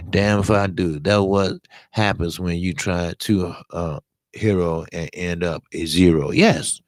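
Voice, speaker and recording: Hoarse, blunt boxing talk host. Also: male voice, sits low, a little slow, dry recording. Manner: emphatic, profane, blunt street talk. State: hoarse from talking all day. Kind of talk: live-stream boxing commentary chatting with viewers.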